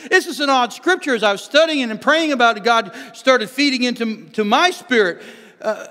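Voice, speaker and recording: A man's voice: extremely high pitch, animated, moderate pace, pushed and bright. A man pastor preaching a sermon in a church, earnestly explaining scripture with frequent restarts. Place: church sanctuary. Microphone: microphone on stage. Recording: long church hall reverb.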